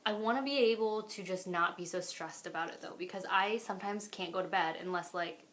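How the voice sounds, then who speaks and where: A young woman vlogging from home in a low-pitched voice, talking openly and meandering from thought to thought. She fills her sentences with "like" and "I don't know" as she speaks straight into the camera. The delivery is loose, personal and unscripted. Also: brisk, fairly bright tone. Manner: rambling, candid, full of "like" and "I don't know". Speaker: vlogger and mother. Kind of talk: candid talk to camera.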